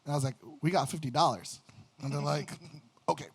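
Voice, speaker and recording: A band member casually telling a story on a livestream, laughing often, swearing, and quoting what people said. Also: male voice, fairly high pitch, fairly quick, slightly rough. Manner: laughing, profane, quotes others.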